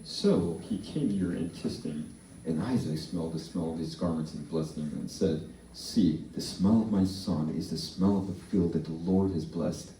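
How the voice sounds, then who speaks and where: Low dark-voiced guy reading scripture slow, echoey church hall, mic far off. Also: a little hiss or hum. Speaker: pastor.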